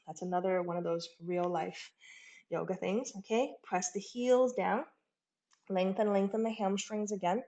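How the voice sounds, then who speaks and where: A woman teaching a guided yoga class, giving steady cues and checking in with "okay?" as she goes. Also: mid-range voice, normal speed. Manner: encouraging, frequent "okay?" check-ins. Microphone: earbud mic. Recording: roomy echo.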